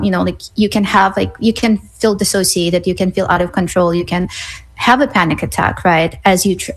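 A woman's voice: medium pitch, poor audio. A woman guest expert on a radio talk show, explaining things patiently with many "um"s and "right?"s. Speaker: psychologist guest.

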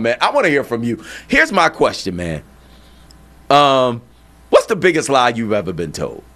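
A male radio talk show host delivering a monologue, animated and incredulous, firing off rhetorical questions. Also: medium pitch, normal speed.

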